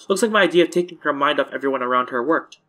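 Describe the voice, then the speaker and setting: A man's voice: on the high side, very fast, sharp tone. A man hosting a let's-play, reading a visual novel aloud casually and correcting his own stumbles.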